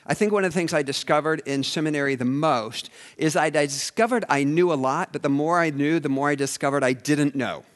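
A man preaching a sermon as a pastor, swinging between loud emphasis and hushed asides. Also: on the high side, a little fast, few pauses.

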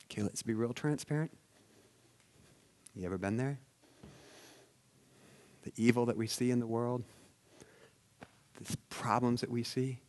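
A man preaching a sermon as a pastor, swinging between loud emphasis and hushed asides. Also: medium pitch, fairly even intonation, measured pace, long pauses.

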